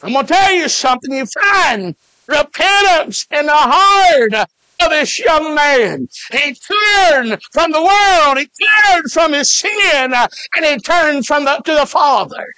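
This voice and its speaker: A man from Alabama preaches in a fervent, high and bright voice. He shouts and stretches out his phrases, with frequent "uh" fillers. The sound is close and dry, with no room around it. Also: lively intonation, slow, no room sound. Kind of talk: shouted revival sermon.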